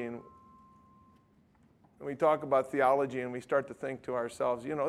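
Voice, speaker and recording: A man's voice: on the high side, fairly even intonation, fairly quick. A middle-aged man preaching, telling a story conversationally and acting out both sides of a dialogue. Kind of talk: sermon with retold street-evangelism story.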